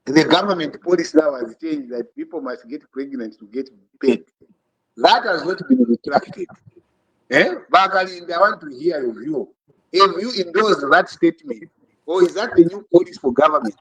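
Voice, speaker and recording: High-voiced Zambian man needling insistently. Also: animated, moderate pace, a bit bright, husky, rough recording. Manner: insistent, needling, mixes English with local words. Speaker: podcast co-host. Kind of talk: casual teasing chat.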